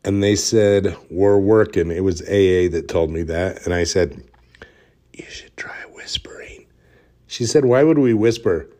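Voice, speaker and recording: Man, very low voice, casual storytelling, deadpan jokes, slips into whispers. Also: moderate pace. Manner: deadpan, joking storyteller who drops into whispers when retelling. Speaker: podcast host.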